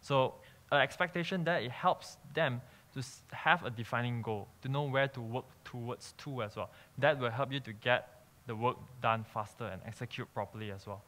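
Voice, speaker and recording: A man's voice: medium pitch, moderate pace, a bit bright. A young man, an entrepreneur giving a conference talk and explaining step by step, checking in with "okay?" and "um" as he goes. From Malaysia. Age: young adult. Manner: peppers sentences with "okay?" and "um", explanatory.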